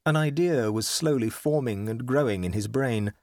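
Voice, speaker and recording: A man narrating a story in a measured storytelling delivery. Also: mid-range voice, darkish tone, no echo, studio quality. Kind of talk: scripted narration.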